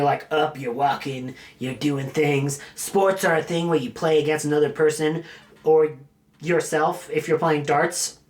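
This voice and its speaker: Rambling, jokey man hosting a vlog. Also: fairly high pitch. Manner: rambling, jokey, self-mocking. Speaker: video host showing his film collection.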